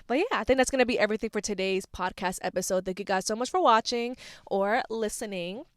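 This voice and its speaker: A woman's voice: mid-range voice, quick pace, no room sound, clean studio sound. A young woman in her twenties hosting her own podcast, chatting candidly, laughing often and swearing freely. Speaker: podcast host. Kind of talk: casual chat.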